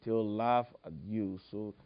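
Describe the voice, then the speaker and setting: A man's voice: lowish voice, fairly even intonation, slow. A man with a Liberian accent speaking earnestly at a public discussion, often repeating his key point. The recording is a dull, lo-fi event recording.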